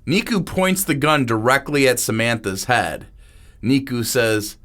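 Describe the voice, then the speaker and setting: A man narrating a crime story in a plain, unhurried manner. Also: medium pitch, fairly bright tone.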